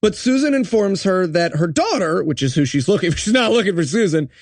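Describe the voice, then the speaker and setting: Wry male co-host with a high voice. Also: animated, brisk, no room sound, clean studio sound. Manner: wry, joking asides. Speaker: podcast co-host. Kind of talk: comedic banter.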